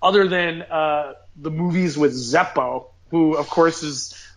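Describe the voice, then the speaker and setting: A man co-hosting a casual podcast chat, joking and halting with fillers. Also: a little high, fairly even intonation, low-quality recording. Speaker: podcast co-host.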